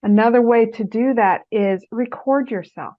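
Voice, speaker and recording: In a muffled lo-fi recording, a middle-aged woman who writes books gives advice on writing during an interview, her voice a little high and her pace moderate. She narrates with animation and delivers quotes in a lifted voice.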